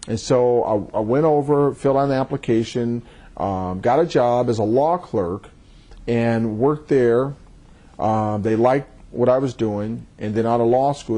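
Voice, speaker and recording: This male judge's mid-range voice has a warm tone. He gives considered, measured interview replies and tends to repeat words when starting an idea.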